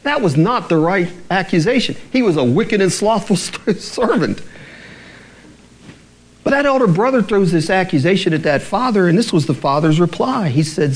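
An earnest man preaching a sermon, his voice sitting a little high and swinging widely in pitch. He slows down and drops low when he reads scripture, and he laughs lightly between points. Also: lively intonation. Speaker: pastor.

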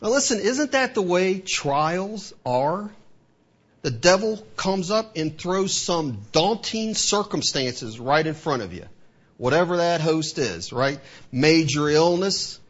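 Male preacher with a husky voice, mid-sermon, firing rhetorical questions, captured on a muffled recording. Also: on the high side, takes it slowly. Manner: rhetorical questions, voices the devil's taunts, lively delivery. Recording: dull lo-fi recording.

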